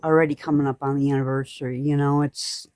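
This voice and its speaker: A woman's voice: very deep voice, level tone, fast talker, darkish tone, dry recording. Brief: woman guest on a live, dry close sound, sympathetic and indignant. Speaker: livestream guest. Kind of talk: casual chat.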